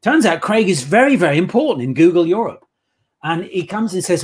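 A man's voice: high voice, very animated, fairly quick, breathy edge. A man on a casual interview, telling playful anecdotes about his work as an improv performer. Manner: chatty anecdotal storyteller, playful.

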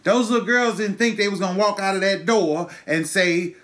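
A man's voice: high-pitched, fairly even intonation, moderate pace, a bit bright. A man in his thirties hosting his own show, ranting with angry, profane emphasis and pointed rhetorical questions. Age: 30s. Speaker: podcast host. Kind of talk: impassioned monologue.

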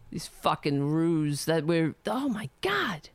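A woman's voice: on the low side, big pitch swings, unhurried, gravelly, few pauses, no room sound. A woman hosting a live stream, reading a letter aloud and breaking off into heated, profane rants. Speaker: livestream host.

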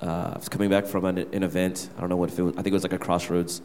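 A man's voice: low voice, flat delivery, rapid-fire, darkish tone, slight background noise. A young man, a worship leader, candidly telling a personal story to his church gathering. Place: church hall. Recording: reverberant hall.

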